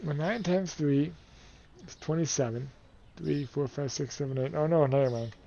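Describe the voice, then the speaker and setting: Drowsy male gamer, slightly high voice, chatty self-talk, dull lo-fi mic, faint ambience. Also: normal speed, gravelly, warm tone, a little hiss or hum. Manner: playful, thinks and counts aloud to himself. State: sleepy, keeps yawning. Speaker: let's play gamer. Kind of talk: casual gameplay commentary.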